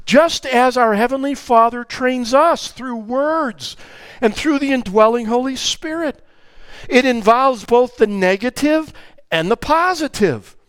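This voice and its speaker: An older man, a grandfather, preaches a sermon on raising children in an extremely high-pitched voice with no echo. He's animated and emphatic, acting out family conversations as he goes.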